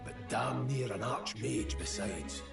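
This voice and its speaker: A man's voice: unhurried, gravelly. An actor playing a grim, vengeful male conspirator who speaks in a cold, menacing way, heard in game audio. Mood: scornful. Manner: cold, menacing, low vows of revenge. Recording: roomy distant game audio with music.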